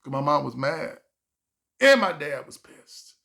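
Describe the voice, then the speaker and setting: Brief: comedian man, bright voice, rambling storytelling with restarts. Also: on the high side, very animated, unhurried, vocal fry. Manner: rambling, with restarts and self-corrections. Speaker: stand-up comedian. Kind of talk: casual storytime vlog.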